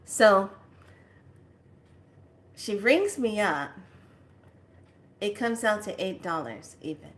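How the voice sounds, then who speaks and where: A woman vlogger telling a casual story in an animated way, laughing often. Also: mid-range voice, takes it slowly, long pauses. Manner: animated, laughing, squeals in quoted lines. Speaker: spiritual vlogger.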